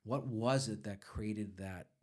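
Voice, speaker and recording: An older man with a fairly low voice talks through ideas in an unhurried, reflective way. He circles back on his words as he thinks, leaning on "you know" and small restarts. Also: a little mellow. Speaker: podcast co-host, father. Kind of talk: casual conversation.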